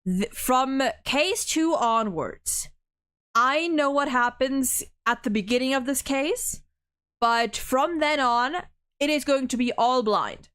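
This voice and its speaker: A woman's voice: high voice, slow, a bit bright, clear, resonant tone. A young woman streaming a game, chatting casually with many restarts and fillers. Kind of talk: casual let's-play commentary.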